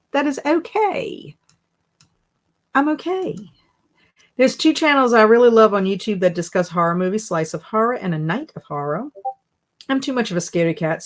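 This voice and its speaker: A woman hosting a casual live stream, chatty and animated as she reads viewer comments aloud and reacts to them. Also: on the low side. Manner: animated and emotional. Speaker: livestream host.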